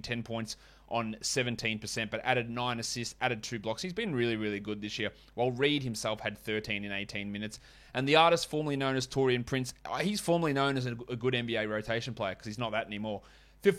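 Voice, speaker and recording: A man's voice: mid-range voice, a bit bright. A man hosting a fantasy basketball podcast, running through stats and ad reads with chatty, wry asides. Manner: chatty, wry asides, quick stat rundowns. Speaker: podcast host.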